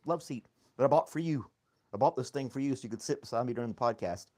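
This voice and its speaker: Speaking fast in a mid-range, darkish voice, a man hosts a casual coffee podcast live from his home studio, its walls covered in foam. He's talkative and laughs often while reading chat and talking to his dog.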